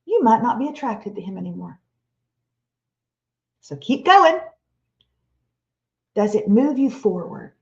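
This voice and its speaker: Animated woman giving a faith talk. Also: on the high side, unhurried, creaky, long pauses. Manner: animated, playful, acts out imagined listeners and quotes. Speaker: webinar speaker. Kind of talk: motivational Christian talk. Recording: slightly dull, lo-fi webinar audio.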